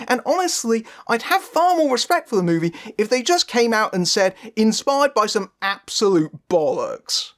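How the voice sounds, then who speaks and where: Wry man with a lively delivery. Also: sits high. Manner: sardonic and wry. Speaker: film reviewer. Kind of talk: scripted review narration.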